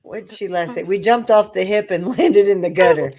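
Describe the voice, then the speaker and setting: A woman's voice: mid-range voice, brisk, darkish tone. A woman co-hosting a casual livestream, cracking bawdy jokes and laughing constantly. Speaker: livestream co-host.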